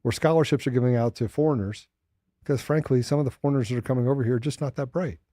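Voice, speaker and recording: Brief: male host ranting, mocking asides, dark mellow voice. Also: medium pitch, quick pace, no room sound, studio quality. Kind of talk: political commentary show.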